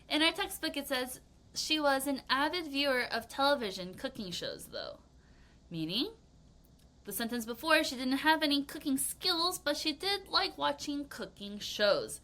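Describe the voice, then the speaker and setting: A young woman teaching English vocabulary to children speaks at a normal speed in a bright, clear tone with a very lively, bouncing pitch. She acts out example reactions with gasps and exclamations.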